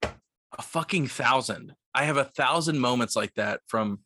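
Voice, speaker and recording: A young man co-hosting a casual podcast, telling stories with lots of swearing and animated quoting, sounding a bit tipsy. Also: medium pitch, a little slow, no room sound, studio quality. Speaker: podcast co-host. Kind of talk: casual chat, storytelling.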